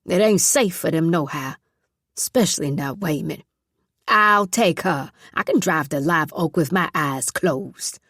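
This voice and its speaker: A woman voicing a fussy, bossy old woman past eighty in an audiobook, scolding loudly. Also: low-pitched, a little slow, dry recording, studio quality, pitched below the performer's own voice, exaggerated voice. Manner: loud, scolding, folksy Southern talk. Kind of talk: audiobook character voice.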